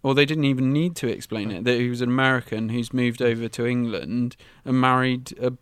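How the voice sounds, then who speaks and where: A man's voice: mid-range voice, steady tone, brisk, clear, resonant tone, no room sound. Young male co-host, clean resonant voice, opinionated casual chat, dry sound. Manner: opinionated, steers the discussion. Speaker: podcast co-host.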